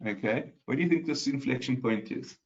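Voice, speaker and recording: A man's voice: mid-range voice, brisk, lo-fi sound. A man hosting live market commentary from his home office, talking casually with many fillers and restarts and putting questions to his viewers. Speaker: market analyst host.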